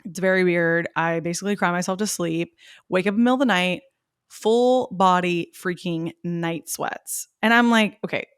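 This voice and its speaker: A woman's voice: fairly low pitch, moderate pace, clear, resonant tone, dry recording, studio quality. A young woman from Tennessee hosting a solo podcast, telling a personal story in a chatty, confessional way full of "like"s. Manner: chatty and confessional, many "like"s, quoting herself and others. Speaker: podcast host.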